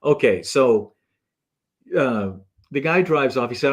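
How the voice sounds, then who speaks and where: Male guest spinning a casual story, lively swooping pitch, acts out each person in it. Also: slow pace. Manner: animated storyteller who acts out the people in his stories. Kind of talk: casual anecdote telling.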